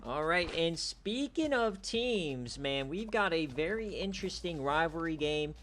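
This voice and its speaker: Slow-talking man recapping games. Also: faint music behind. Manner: jokey, swings from low mutters to excited shouts. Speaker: league stream host. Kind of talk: casual play-by-play recap commentary.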